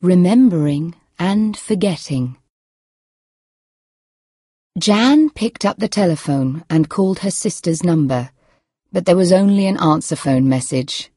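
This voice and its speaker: A woman reading a storybook aloud in a calm, measured way. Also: lowish voice, husky, no room sound, clean studio sound. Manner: calm and measured, with varied intonation. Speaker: audiobook reader. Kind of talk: scripted storybook narration.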